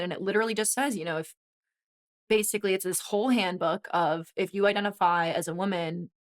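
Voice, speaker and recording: A woman in her twenties, a guest and former college swimmer, telling a story in animated casual conversation with quick asides. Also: medium pitch. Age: 20s.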